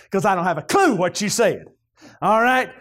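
Folksy Southern preacher, high and shouting. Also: male voice, a little slow. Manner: folksy, animated, breaks into shouts when excited. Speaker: pastor. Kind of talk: sermon.

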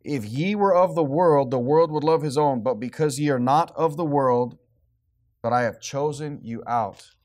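A man preaching as pastor, reading scripture slowly and explaining it in a casual, conversational way. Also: mid-range voice, a little mellow. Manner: reads scripture slowly and deliberately, then talks casually with laughs. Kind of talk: sermon.

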